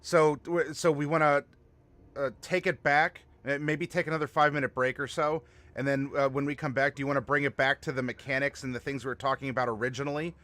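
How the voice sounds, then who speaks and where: A man's voice: mid-range voice, level tone, fast, fairly bright tone. A man hosting a casual discussion, talking in a conversational way and thinking aloud. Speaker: host.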